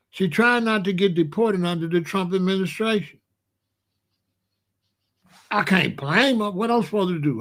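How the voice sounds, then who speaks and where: A man's voice: high voice, fairly bright tone. A man from Chicago hosting a blunt, profane commentary rant. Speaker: host.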